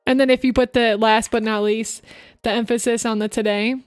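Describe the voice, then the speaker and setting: A woman's voice: a little high, little pitch movement, a little fast, smooth, dry recording, soft background music. A woman streamer chatting casually into her microphone, giving upbeat voice acting tips to her chat. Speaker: VTuber streamer.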